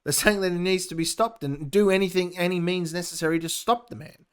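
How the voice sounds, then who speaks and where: Brisk and steady, his high-sitting voice sounds clear and resonant. This young Australian podcast host reads out news stories, interrupting with sarcastic, ranting commentary in a casual opinion show.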